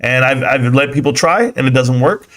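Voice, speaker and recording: A man's voice: medium pitch, animated, moderate pace, a bit bright. A young adult man hosting a casual livestream about stocks. He talks bluntly and animatedly, answers chat comments straight back, and laughs often.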